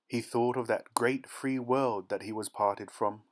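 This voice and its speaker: A man narrating an audiobook short story in a soft, gentle dramatic reading style. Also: medium pitch, steady tone, a little slow, slight background noise. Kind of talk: scripted narration.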